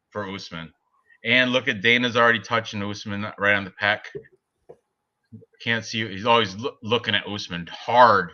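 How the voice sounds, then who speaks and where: Low bright-toned man, lo-fi sound. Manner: excitable, laughs at own jokes. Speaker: podcast co-host. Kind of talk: casual sports betting chat.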